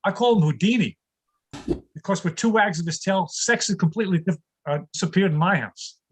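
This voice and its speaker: The comedy set comes from an older, high-voiced man performing via video call. His deadpan jokes about domestic life each build toward a punchline, delivered briskly in a slightly rough voice. Audio quality is poor.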